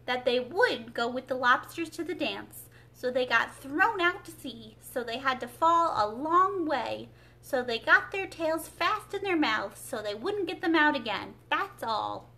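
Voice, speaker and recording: A woman voicing the Gryphon in a storybook read-aloud, brisk, solemn and impatient. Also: high voice, lively intonation, sharp tone, pitched above the performer's own voice, full character voice.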